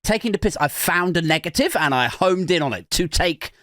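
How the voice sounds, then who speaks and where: A man's voice: fairly high pitch, animated, a little fast, a bit bright, no room sound, studio quality. A man hosting a podcast, chatting casually and sardonically about a news story, laughing at his own asides. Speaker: podcast host. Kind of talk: casual commentary reading news.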